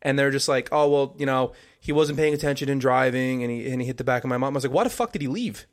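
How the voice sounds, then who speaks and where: A young man from New Jersey, co-hosting a podcast and telling a story in a loose, profane, animated way. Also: mid-range voice, fast talker. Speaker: podcast co-host. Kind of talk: casual chat.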